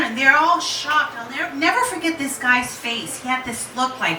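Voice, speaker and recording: A woman in her forties telling a personal story to a live audience, candid and animated, laughing and swearing freely. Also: high voice, normal speed, echoey room, recorded from a distance, background noise. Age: 40s.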